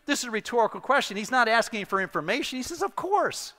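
A middle-aged male pastor preaching a sermon, telling a personal story with animated, self-deprecating humor. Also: extremely high pitch, rapid-fire. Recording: long hall reverb.

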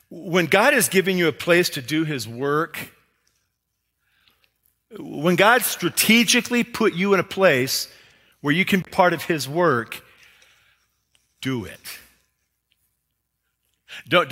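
A man preaching a sermon as pastor, lively and emphatic, full of rhetorical questions and quoted lines. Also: a little high, measured pace, long pauses. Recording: long hall reverb.

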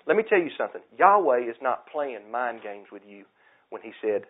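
A man preaching a sermon with passion, repeating his points and swinging from loud declarations to hushed asides. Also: mid-range voice, big pitch swings, moderate pace. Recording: tinny phone-like sound.

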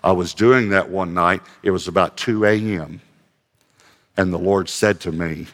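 A man's voice: low voice, a little slow, fairly bright tone, long reverb tail. A male pastor giving a conversational sermon, reading scripture aloud and adding light self-deprecating humor.

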